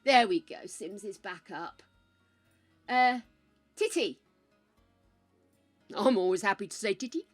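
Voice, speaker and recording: A woman's voice: a little high, lively intonation, measured pace, pauses often, fairly bright tone, soft background music. A woman hosting a casual live stream, chatting while she plays and calling her viewers pet names.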